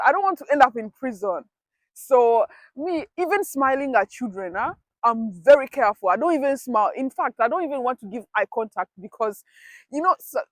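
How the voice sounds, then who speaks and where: A woman's voice: sits high, a bit bright, dry recording. A woman telling a casual storytime vlog, chatty and dramatic, often talking to herself. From grew up in a village abroad. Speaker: vlogger.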